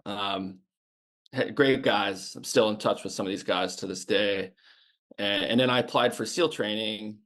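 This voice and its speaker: This former Navy sniper from the United States, a man in his fifties, has a lowish, a bit bright voice with a steady tone and measured pace. Guesting on a podcast, he tells his story bluntly and casually, restarting often and swearing.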